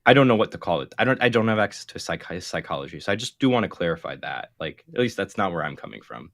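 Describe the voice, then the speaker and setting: A man's voice: low voice, big pitch swings, quick pace, vocal fry, a bit bright. A man in a casual livestream discussion, speaking earnestly and carefully clarifying himself, with restarts.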